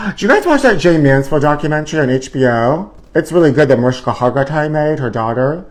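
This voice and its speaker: A man's voice: on the high side, lively intonation, fairly quick, hardly any pauses. A man hosting a live comedy show in a campy, flamboyant way, drawing out words and breaking into sudden squeals.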